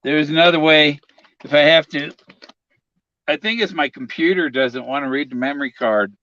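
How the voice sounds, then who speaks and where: A man's voice: on the high side, moderate pace, pushed and bright, no echo. A man in casual chat, joking and giggling often. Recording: dull, dry lo-fi sound.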